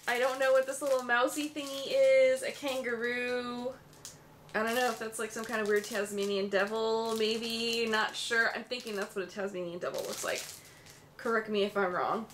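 A woman from the USA chatting through an excited unboxing at home, gushing with frequent gasps and exclamations. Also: on the high side, a little hiss or hum. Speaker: beauty vlogger. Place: home room with her dog nearby.

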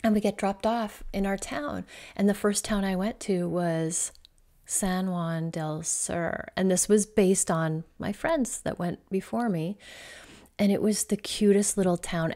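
A woman's voice: medium pitch, a little slow, mellow. A woman, a coach hosting her own podcast, casually telling a personal travel story in a chatty, rambling way full of "like".

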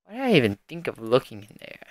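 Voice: medium pitch, huge pitch swings, fast, dry recording. A gamer giving casual gameplay commentary, muttering to themself and grumbling at the game. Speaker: let's play host.

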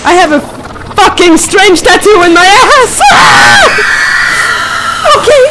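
Young woman, high voice, swooping pitch, panicky horror commentary, noisy mic. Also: animated, normal speed, raised voice, a crowd in the background. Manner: panicky, screaming and giggling. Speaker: gamer. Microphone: desk microphone.

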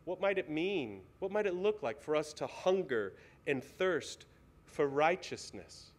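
Male pastor, young adult, earnest pleading sermon voice, a bit high. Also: very animated, a little slow. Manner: earnest, pleading, full of questions. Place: church sanctuary.

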